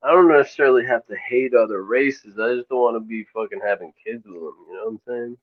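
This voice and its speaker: A man's voice: medium pitch, fast, no echo. A man arguing defiantly in a voice chat, brushing off insults. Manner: defiant, dismissive. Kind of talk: heated voice chat argument. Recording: tinny phone-like voice chat.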